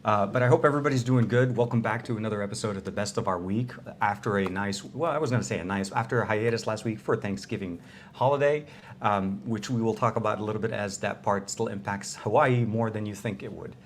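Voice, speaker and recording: A man co-hosting a casual tech podcast from a small cozy room, chatty and quick to laugh. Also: lowish voice, a little hiss or hum. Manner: chatty, laughs often, many restarts. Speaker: podcast co-host.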